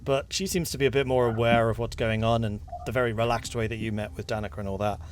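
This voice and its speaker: A man narrating a tabletop game as game master, relaxed and descriptive. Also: mid-range voice, quick pace, slight background noise.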